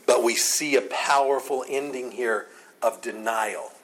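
Animated man teaching through a Bible passage. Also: mid-range voice, a little slow. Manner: conversational, animated, acts out voices with sarcasm and laughs.

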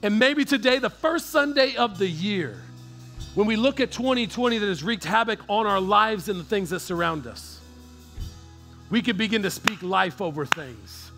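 A man preaching a sermon as pastor, with a high, bright, ringing voice and faint music under him. He talks in an easy, slangy way and swells from hushed storytelling into loud, fervent preaching. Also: lively intonation, moderate pace.

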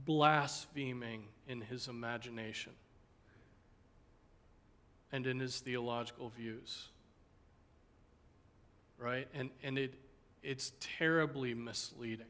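Earnest pastor teaching a Bible class. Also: male voice, medium pitch, fairly bright tone. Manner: earnest, asks "right?" and "okay?" often; ends in a spoken prayer. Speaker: pastor teaching Sunday school.

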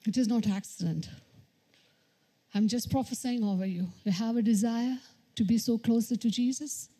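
Woman preaching, mellow voice. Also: a little high, moderate pace. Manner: repetitive exhortation, frequent hallelujahs. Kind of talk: sermon.

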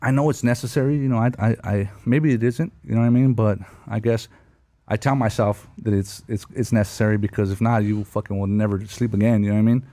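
A man's voice: lowish voice, steady tone, fast talker, warm tone, dry recording. Profane, rambling veteran storyteller man. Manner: profane, repeats words, says bro and homie. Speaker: podcast guest, Air Force veteran. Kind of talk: casual storytelling.

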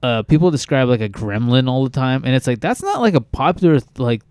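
Smooth-voiced young man, casual podcast banter. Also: mid-range voice, expressive, fairly quick, darkish tone, no echo. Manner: laid-back, swears a lot, says "like" and "dude" constantly. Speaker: podcast co-host.

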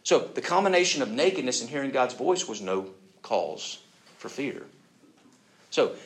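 A pastor preaches a sermon conversationally, often asking the listeners questions, checking in with them, and acting out the voices of the people he quotes. His voice is lowish, with a little hiss or hum in the recording.

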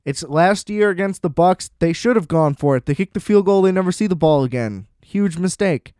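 A man's voice: high-pitched, lively intonation, moderate pace, a little mellow, no room sound. Man, casual solo sports rant, profane and sarcastic, clean dry voice. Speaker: sports commentator.

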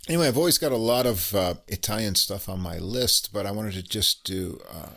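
Guy w a lowish voice reviewing jazz records, laid back, lots of uhs. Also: gravelly. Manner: relaxed, many "uh" pauses, enthusiastic. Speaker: jazz podcast host. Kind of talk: casual music review chat.

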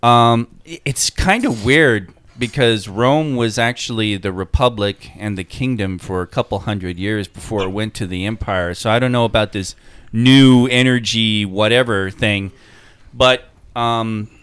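A man co-hosting a casual podcast chat, giggly and halting, with many fillers. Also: lowish voice, a bit bright, smooth. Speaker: podcast co-host.

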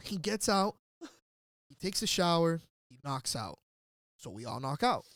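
A man telling a wild story in casual chat, animated and swearing, shouting out the lines he quotes. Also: fairly high pitch, measured pace, no echo, studio quality. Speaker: podcast guest storyteller.

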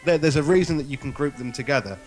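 A man's voice: medium pitch, fast, a little mellow, soft background music. A man in casual comedy banter, mock-patronizing and sarcastic, often restarting his sentences.

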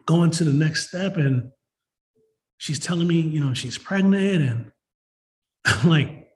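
A man's voice: fairly high pitch, expressive, slow, a little mellow. A man, giving a rambling, emotional personal testimony at a recovery meeting, full of "you know" and "like.". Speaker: recovery meeting member sharing.

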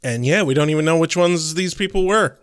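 A man's voice: on the high side, a little fast, clean tone, no room sound, clean studio sound. A male podcast co-host chatting casually about a TV episode, joking and swearing offhandedly. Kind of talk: casual episode recap chat.

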